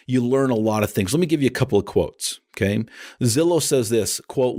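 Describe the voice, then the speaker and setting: A man hosting a coaching podcast, talking casually and chattily with lots of restarts. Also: medium pitch. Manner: animated, chatty, many restarts. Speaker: podcast host and appraisal coach. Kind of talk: casual instructional podcast talk.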